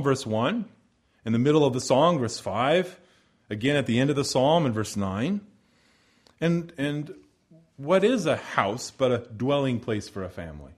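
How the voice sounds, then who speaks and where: A man preaching a sermon in an earnest, measured cadence, slowing for emphasis and reading scripture aloud. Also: on the high side. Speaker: pastor.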